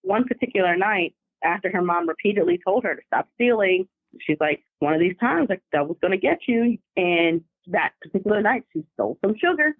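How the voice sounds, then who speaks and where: A woman's voice: mid-range voice, brisk, no room sound. Chatty woman on a tinny phone line. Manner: animated, chatty, slangy. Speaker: caller telling family ghost stories. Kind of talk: casual storytelling over the phone. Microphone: phone call.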